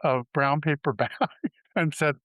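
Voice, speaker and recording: A man in his fifties telling his personal story as an interview guest. He speaks candidly and haltingly, often restarting his sentences. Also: on the high side, fairly even intonation, a bit bright, dry recording. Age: 50s.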